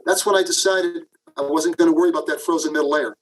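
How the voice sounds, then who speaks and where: A man's voice: on the high side, fairly even intonation, fast talker, soft background music, low-quality recording. A man being interviewed as a guest, telling a career story and often addressing the host by name. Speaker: guest, management professor.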